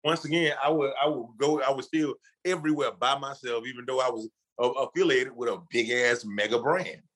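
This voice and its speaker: A man's voice: medium pitch, fairly quick, rough recording. A man guest in a casual interview, telling a story in loose, profane street slang and acting out the people he quotes. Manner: animated storyteller, acts out quotes with laughs.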